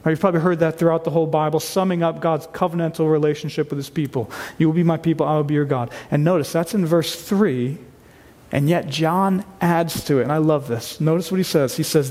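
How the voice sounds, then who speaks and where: A man's voice: on the high side, normal speed, a little mellow, long reverb tail. A man preaching a sermon to his church, reading scripture aloud with earnest emphasis. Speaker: pastor. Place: church sanctuary.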